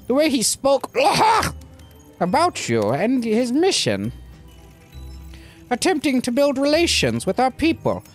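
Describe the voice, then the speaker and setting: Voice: mid-range voice, voice pushed up. A player putting on a solemn old goblin councilor. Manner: slow, solemn, formal speech with odd chuckles. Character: elderly male goblin ex-councilor, formal and grave. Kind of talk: reading game dialogue aloud in voices.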